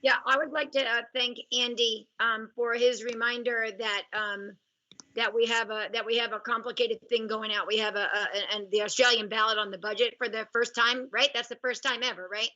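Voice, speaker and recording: A woman at a public meeting, heard through a dull video call line. Her voice is bright and high, but fairly flat. She hesitates often, filling gaps as she finds her words. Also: moderate pace. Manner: hesitant, with many fillers. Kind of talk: meeting discussion.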